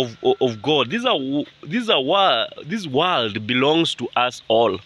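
A man vlogging outdoors on his rural land, talking to viewers in an animated, indignant way and often repeating himself. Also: mid-range voice, moderate pace. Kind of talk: casual vlog talk to viewers.

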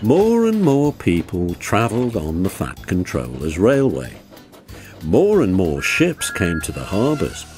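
Slow, expressive male storybook narrator. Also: low voice, soft background music. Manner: measured, expressive reading.

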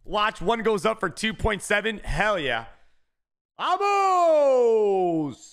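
A man streaming a video game, chatting casually with his chat and shouting when he gets a good pull. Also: sits high, normal speed, creaky. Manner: excitable, shouts at big pack pulls; talks to chat, says bro a lot. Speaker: gaming streamer. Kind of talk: casual live-stream commentary.

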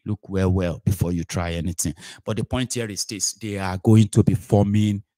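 A man with a Nigerian accent hosting a live political talk show, animated, switching between English, Pidgin and Yoruba with mocking asides. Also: sits low, normal speed, dry recording, clean studio sound. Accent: Nigerian, Yoruba-inflected. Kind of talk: live solo political commentary.

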